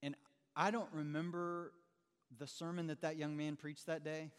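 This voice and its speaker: A middle-aged man delivers a sermon in a high, bright-sounding voice, talking to the congregation like friends. His words ring out with a long reverb from a large church hall. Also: normal speed, smooth. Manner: conversational, animated, calls listeners "man". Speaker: pastor.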